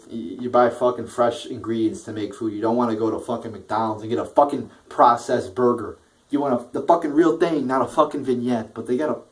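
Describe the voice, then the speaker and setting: Profane ranting young man. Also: mid-range voice. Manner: profane, frustrated ranting with frequent restarts. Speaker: wrestling show reviewer. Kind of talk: casual ranting review.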